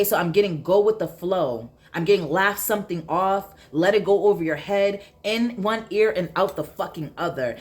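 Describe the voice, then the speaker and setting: A woman giving a casual tarot reading, emphatic and blunt, repeating her points and swearing freely. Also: fairly low pitch. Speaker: tarot reader.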